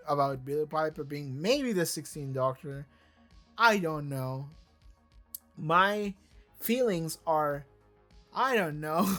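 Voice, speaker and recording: An excitable reaction-channel host who rambles, swears freely and jumps between thoughts. The voice sits at an ordinary middle pitch. Now and then they read wiki text aloud in a flatter tone. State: voice briefly cracking. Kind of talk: casual reaction commentary.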